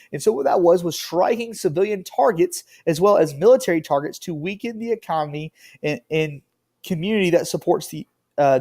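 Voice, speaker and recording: A man's voice: a little high, mellow. A man teaching a history lesson in a casual, rambling way, with lots of fillers and frequent "okay?" check-ins. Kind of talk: classroom lecture.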